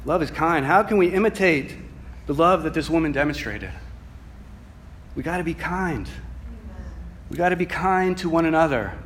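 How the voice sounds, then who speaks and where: A man preaching a sermon, earnest and reflective, moving from soft musing to emphatic passages and reading scripture slowly. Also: on the high side, animated, slight background noise. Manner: reads scripture slowly and deliberately.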